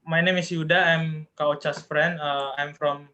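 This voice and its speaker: Bright-voiced man with a Batak accent. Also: fairly high pitch, flat delivery, highs cut off. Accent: Batak Indonesian. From South Kalimantan, Indonesia. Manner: halting, many fillers and restarts. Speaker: online English club participant. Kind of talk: casual question in a group video call.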